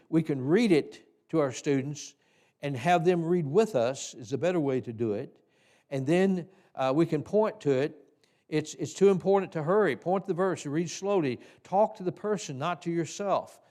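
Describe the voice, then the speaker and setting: A man teaching a Sunday class in a church, folksy and halting, with frequent restarts and fillers. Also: on the high side, darkish tone. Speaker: Sunday school teacher trainer. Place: church hall.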